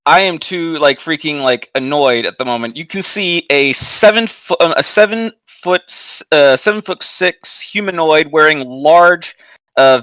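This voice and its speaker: Bright, dry-sounding male player. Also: fairly high pitch, dry recording, rough recording. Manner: quick, chatty, self-correcting. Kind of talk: describing his character in a tabletop game. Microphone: computer mic on a voice call.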